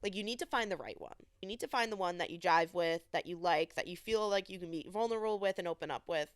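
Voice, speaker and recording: A woman's voice: lowish voice, expressive, quick pace, no echo. A young woman hosting a podcast, earnestly retelling a hard personal story with many quoted asides. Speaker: podcast host.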